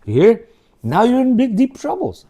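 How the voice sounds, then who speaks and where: A man's voice: very high-pitched, wildly swooping pitch, normal speed, mellow, husky. A man teaching a religious marriage class in a conversational way, asking rhetorical questions, acting out quoted dialogue and using Hebrew religious terms.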